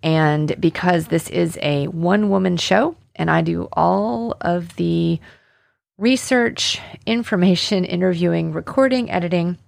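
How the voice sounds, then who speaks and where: Woman podcast host from Alabama, casual and indignant, gravelly fry, dry close sound. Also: lowish voice, a little slow, a little mellow, dry recording. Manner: conversational, indignant, many fillers. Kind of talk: casual true-crime podcast narration.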